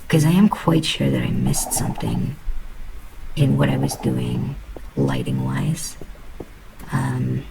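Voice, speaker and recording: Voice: medium pitch, fairly even intonation, slow, creaky, long pauses, noisy background. A host giving casual, rambling commentary while playing a video game, musing aloud in a put-on accent. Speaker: let's play host.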